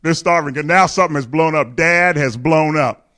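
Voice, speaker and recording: A man's voice: on the high side, normal speed, pushed and bright. A man, a pastor, telling a candid, humorous personal story in a sermon, often chuckling and speaking directly to his congregation.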